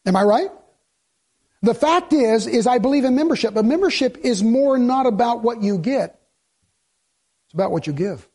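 A man's voice: very high-pitched, animated, moderate pace, long pauses, a little mellow. A male pastor preaching a sermon in a conversational way, asking the congregation questions and slipping in jokes.

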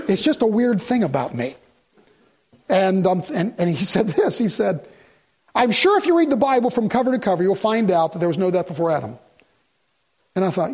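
A man's voice: high voice, a little fast, husky. A man preaching a sermon, telling a story and acting out both sides of a conversation. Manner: animated storytelling, acts out quoted dialogue.

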